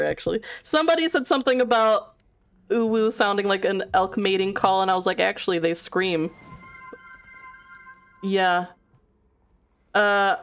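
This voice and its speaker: A woman streaming a horror game in a giggly, chatty way, swearing casually as she plays. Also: medium pitch. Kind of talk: casual live-stream chat.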